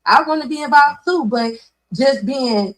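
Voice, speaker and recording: Earnest woman with a higher voice. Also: measured pace, fairly bright tone, rough recording. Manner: earnest, explains at length with many restarts. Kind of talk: casual debate chat.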